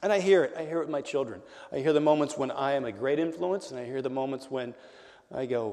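A man preaching a conversational sermon as a pastor, swinging between loud emphasis and quiet, intimate lines. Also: medium pitch, quick pace, big-room sound.

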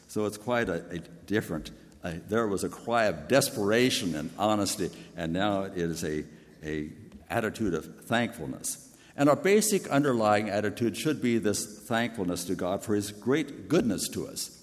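Older male preacher, big deep voice, earnest storytelling sermon, reverberant hall. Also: expressive, unhurried. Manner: earnest, personal storytelling with restarts.

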